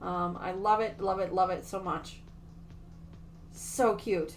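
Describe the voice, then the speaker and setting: A woman's voice: fairly low pitch, fairly even intonation, takes it slowly, soft background music. A woman hosting a quilting livestream, chatting casually and gushing over her projects while answering viewers. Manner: gushing and chatty, reads viewer comments aloud.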